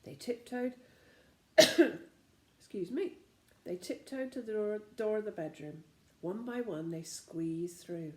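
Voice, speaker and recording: A woman narrating a children's storybook aloud with an expressive reading manner. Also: medium pitch, slow pace, long pauses. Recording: roomy echo.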